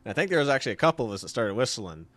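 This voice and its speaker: An American man speaking quietly and casually, telling a short story and giving brief replies. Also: medium pitch, racing, dry recording. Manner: relaxed, quiet, brief affirmations. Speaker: officer candidate interviewer. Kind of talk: casual conversation.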